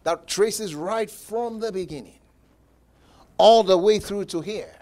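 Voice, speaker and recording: Man preaching, high voice, slow deliberate delivery, emphatic repeats. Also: dark tone. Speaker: pastor. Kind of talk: sermon.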